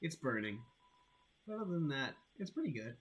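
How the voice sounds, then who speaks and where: A man's voice: on the high side, big pitch swings, normal speed, a bit bright, a little hiss or hum. A man streaming a game live, dropping wry asides between lines of dialogue.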